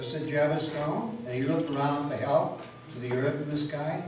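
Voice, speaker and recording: A man narrating a stage dramatic reading in an expressive storytelling manner. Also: a little high, moderate pace, a little hiss or hum. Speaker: narrator and reader. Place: meeting house. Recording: echoey hall from far off.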